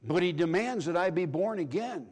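A middle-aged man preaching with a high voice. He is emphatic and presses his points hard, then sinks into low, hushed phrases for effect. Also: lively intonation, normal speed, slightly rough. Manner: emphatic, swings from loud to hushed. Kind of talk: sermon.

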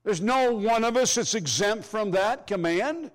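A middle-aged man preaching a sermon, emphatic, swinging from loud declarations to hushed, low phrases. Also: a little slow.

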